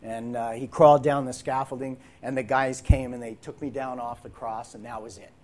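A man telling his story with intensity, his voice at an ordinary middle pitch. He builds the tension and then sinks into near-whispers. It is a personal testimony, told by an actor. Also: flat delivery, normal speed, a little hiss or hum. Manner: intense, drops to hushed whispers at moments. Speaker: actor sharing a faith testimony.

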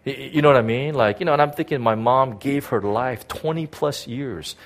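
A middle-aged man, a pastor, giving a personal testimony in a sermon. He talks haltingly, repeating words and filling with "you know.". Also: mid-range voice.

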